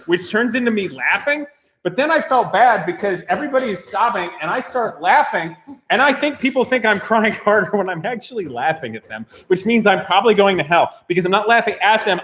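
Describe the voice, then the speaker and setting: A man hosting a live stream from his workshop, chatting with his crew in an animated, joking way and laughing often. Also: high voice. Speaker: host of a car channel. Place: workshop garage.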